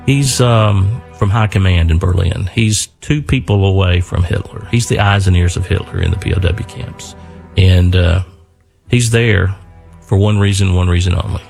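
Give me an older man with a gravelly voice, telling a family war story earnestly with thoughtful pauses. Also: low voice, a little mellow. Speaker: son telling his veteran father's story. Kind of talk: spoken storytelling.

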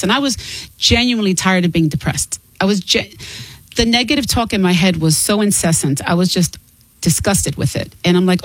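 A woman's voice: mid-range voice, a little fast, no echo, low-quality recording. Middle-aged female singer-guest, candid and earnest, dry close sound. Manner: earnest and open, laughs between points. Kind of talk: candid interview talk.

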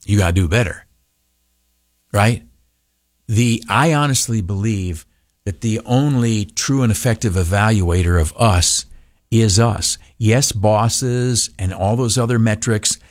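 A male radio broadcaster giving an animated motivational talk, often stopping on filler uhs and breaking into mocking high voices. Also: a little slow, dry recording, clean studio sound.

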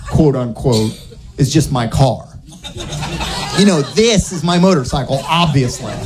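A man doing a stand-up comedy set, telling a rambling absurd story in a deadpan way. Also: mid-range voice, a little slow, noisy background.

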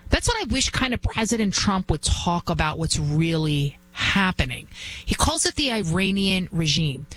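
A woman's voice: on the low side, sing-song, moderate pace, fairly bright tone, poor audio. Woman ranting on a talk show, fired up and repeating herself. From United States. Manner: impassioned, emphatic, repetitive. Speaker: political commentary host. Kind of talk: opinionated monologue.

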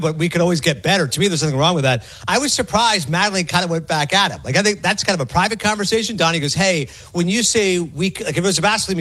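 A middle-aged man talking sports on a radio show as a guest analyst, fast and animated, acting out quotes as he goes. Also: high voice, slightly rough, no room sound. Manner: rapid and animated, acts out quotes. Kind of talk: fast casual sports talk.

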